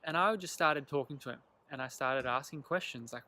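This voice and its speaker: Young man, bright voice, earnest casual storytelling, acts out quoted lines. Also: medium pitch, fairly quick, few pauses. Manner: earnest, animated retelling with quoted dialogue. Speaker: vlogger.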